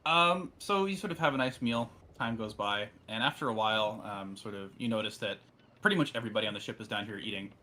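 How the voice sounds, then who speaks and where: A man's voice: fairly low pitch, quick pace, pushed and bright. A man narrating as game master in a casual, hesitant way, with many fillers.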